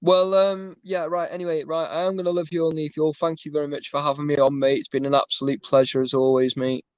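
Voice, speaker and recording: A man's voice: fairly high pitch, little pitch movement, quick pace, smooth, dry recording, muffled recording. A man in casual chat on a stream, rambling and calling everyone mate.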